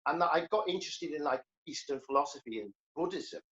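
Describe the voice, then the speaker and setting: A man's voice: a little high, expressive, fast, fairly bright tone. Man in his sixties, lo-fi sound. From Liverpool, England. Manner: earnest, reflective, stammers into sentences. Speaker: guest, comedian and karateka. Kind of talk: casual conversational interview.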